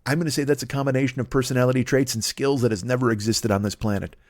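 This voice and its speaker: A man's voice: mid-range voice, steady tone, very fast, darkish tone, dry recording, clean studio sound. A middle-aged man hosting a solo comedy podcast, rambling profanely and acting out bits in put-on voices.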